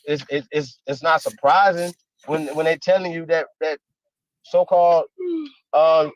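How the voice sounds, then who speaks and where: A man's voice: a little high, steady tone, measured pace. A man talking as a livestream guest, emphatic and slangy, firing off rhetorical questions. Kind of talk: casual heated debate talk. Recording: dry, dull lo-fi stream audio.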